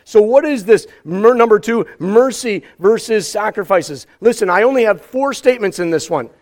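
High-voiced man preaching an animated sermon. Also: moderate pace, hardly any pauses. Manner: animated, acts out scripture with exclamations. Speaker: pastor.

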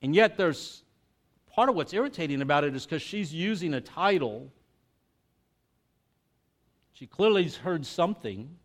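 A man with a fairly high voice preaches to a congregation. He talks casually and animatedly, and often cuts himself off mid-thought to start again. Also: moderate pace, pauses often. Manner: conversational and animated, with frequent self-interruptions and restarts. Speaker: pastor. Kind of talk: conversational sermon.

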